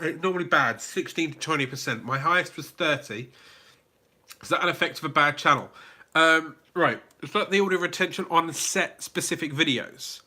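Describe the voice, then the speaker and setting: British guy doing a youtube livestream q&a, chatty, bright and a bit high voiced. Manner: chatty, greets viewers by name, laughs easily. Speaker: YouTube channel host. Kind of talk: livestream Q&A reading chat.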